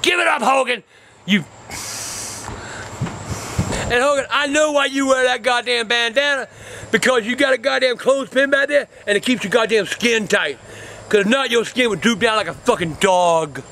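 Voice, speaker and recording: Cast a man as a furious old grandpa in his sixties, high and gravelly, swearing nonstop through faint background hiss. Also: moderate pace, long pauses, heavily acted. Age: over 60. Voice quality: gravelly, high-pitched, shouty. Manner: cursing constantly, yelling insults. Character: foul-mouthed angry old grandpa, hot-tempered. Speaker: comedy web series character. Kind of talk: profane ranting comedy.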